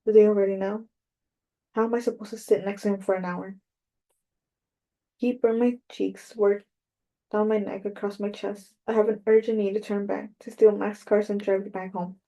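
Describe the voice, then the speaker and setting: A woman giving a measured, even first-person audiobook narration. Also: medium pitch.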